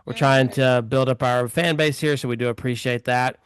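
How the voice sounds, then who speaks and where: A man's voice: mid-range voice, steady tone, normal speed, smooth. A man hosting a casual film podcast, talking in a chatty, rambling way. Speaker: podcast host.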